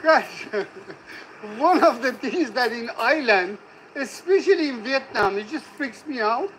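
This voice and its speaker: A man's voice: extremely high pitch, lively intonation, measured pace, a bit bright, a little hiss or hum, poor audio. A man chatting casually outdoors on a street, teasing and swearing in a mock-grumpy way. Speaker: vlog companion. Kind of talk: casual joking chat.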